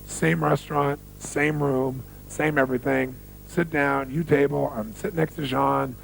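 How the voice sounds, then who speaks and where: Very gravelly man at a seminar. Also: medium pitch, fairly even intonation, unhurried, fairly bright tone, slight background noise, poor audio. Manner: emphatic, repeats key phrases, questions the audience. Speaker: motivational speaker. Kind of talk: seminar talk with stories.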